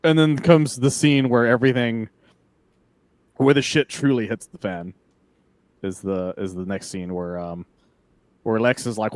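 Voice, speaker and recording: Male podcast co-host, mid-pitched, dry close recording, loose and animated, swears a lot. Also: unhurried, pauses often, dry recording. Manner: animated, swearing, acts out quotes with laughs. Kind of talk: casual comic book discussion.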